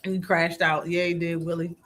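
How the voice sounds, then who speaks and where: A man's voice: a little high, flat delivery, moderate pace, a bit bright. A man hosting a live boxing talk stream, reacting casually with slang and frequent laughter.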